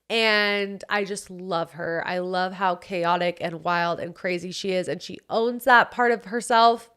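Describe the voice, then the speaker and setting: A woman's voice: medium pitch, unhurried, a bit bright, smooth. A young woman hosting her own podcast, chatting casually and effusively through a recap of the year, with the odd swear word. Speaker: podcast host.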